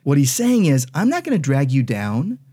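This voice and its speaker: A man's voice: fairly high pitch, huge pitch swings, normal speed, mellow, breathy edge. A man, a pastor and podcast co-host, explaining Bible verses in an emphatic, conversational teaching style. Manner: emphatic, explanatory, reads scripture aloud.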